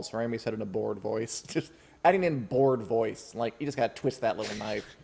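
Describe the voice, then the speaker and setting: Gravelly-voiced man chatting about a book. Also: fairly low pitch, normal speed, darkish tone. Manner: chatty, laughs often, reads passages aloud. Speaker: podcast co-host. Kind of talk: casual book discussion.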